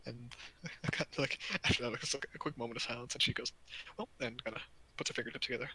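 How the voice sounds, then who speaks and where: A man's voice: mid-range voice, steady tone, quick pace, pushed and bright, husky, rough recording. A man narrating a tabletop game as game master, in a casual, loose way full of fillers.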